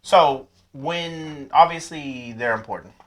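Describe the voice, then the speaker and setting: A man co-hosting a casual chat, easygoing and agreeable, often clearing his throat and saying okay. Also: fairly high pitch, takes it slowly. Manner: laid-back, agreeable, with frequent "okay, sure" and throat clearing. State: has the hiccups. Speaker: podcast co-host.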